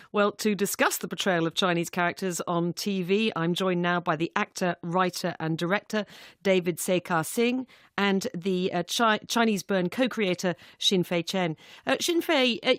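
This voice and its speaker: A woman presenting a radio arts show and interviewing guests, measured, with some hesitant fillers in her questions. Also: fairly low pitch, no echo, clean studio sound. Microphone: studio microphone.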